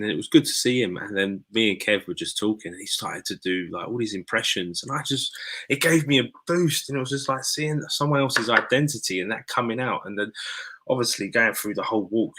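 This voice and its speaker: English host, deep bright voice, rambling earnest story. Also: male voice, fairly quick. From England. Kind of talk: casual chat.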